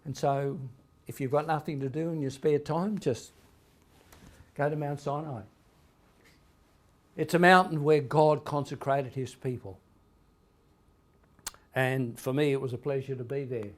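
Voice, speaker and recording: A male pastor delivers a sermon in a church, mid-pitched, with ordinary pitch for a man. He tells stories and swings between loud emphatic lines and quieter asides. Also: fairly even intonation, measured pace, pauses often. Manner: storytelling, emphatic swings in loudness.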